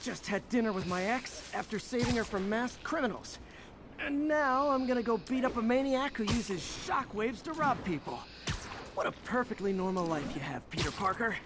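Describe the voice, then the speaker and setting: A wisecracking young superhero. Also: male voice, very high voice, expressive, moderate pace, noisy background. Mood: breezy. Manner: wisecracking, breezy. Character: quippy young masked superhero.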